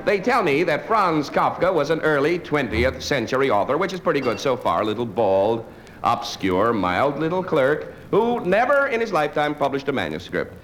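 A man's voice: on the high side, very animated, normal speed, a bit bright. A man doing a live stand-up routine, dry and digressive, bantering with the audience. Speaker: stand-up comedian. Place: live club before an audience. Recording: noisy live recording.

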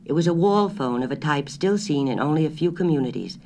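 Expressive audiobook reader, lively pitch. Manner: measured, expressive reading. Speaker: audiobook narrator. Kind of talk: scripted story narration.

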